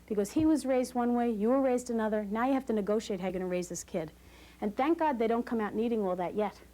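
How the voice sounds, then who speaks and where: A woman leading a postpartum class for new parents, talking in an animated way, acting out quoted voices and laughing often. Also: fairly high pitch, fast talker. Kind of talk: lively educational talk to new parents. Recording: hissy 1980s VHS recording.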